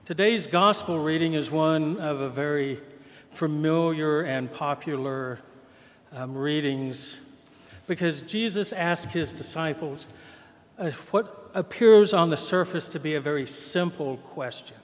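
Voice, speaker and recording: A male pastor delivers a sermon at an unhurried pace, his voice pitched a little high. He tells the gospel story conversationally and acts out the quoted voices. Long reverb from a church hall trails behind his words.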